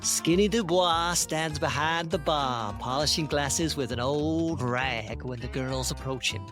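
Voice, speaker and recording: Man on a podcast, deadpan comic storytelling, slightly high voice, music under it. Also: a little slow. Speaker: podcast panelist.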